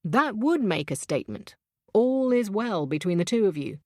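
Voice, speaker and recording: A woman voicing a glib, smooth-talking male boss with a persuasive drawl. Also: mid-range voice, sing-song, moderate pace, no echo, clean studio sound, voice pushed up.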